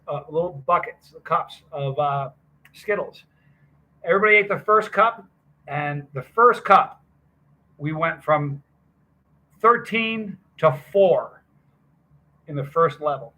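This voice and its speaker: A man's voice: a little high, fairly bright tone, rough recording. Chatty man live streaming from a festival. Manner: rambling, greets chat viewers by name. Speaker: hot sauce live streamer. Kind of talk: casual live stream chat with viewers. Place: hot sauce festival booth.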